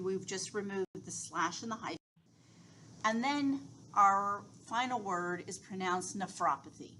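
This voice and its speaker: A woman's voice: medium pitch, bright, forceful tone, a little hiss or hum, rough recording. A woman instructor giving a recorded lecture, explaining step by step with reassuring asides and frequent fillers.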